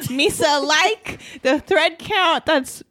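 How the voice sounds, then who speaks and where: A goofy, clumsy male alien sidekick babbles in broken third-person speech, as a woman puts him on. The voice sits fairly high and goes slowly, with a silly and bumbling feel. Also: fairly bright tone.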